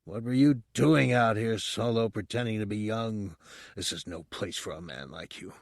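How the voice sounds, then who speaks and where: A man voicing an armored male bounty hunter, cold and terse, whose harsh, raw voice drops to a soft hush. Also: medium pitch, a little slow, no echo, clean studio sound, close to an everyday voice.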